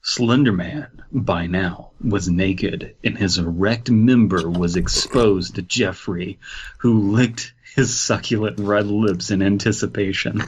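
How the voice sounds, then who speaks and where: A man's voice: fairly low pitch, slow pace, slightly rough. A man co-hosting a comedy podcast, reading fanfiction aloud and breaking into laughter mid-sentence.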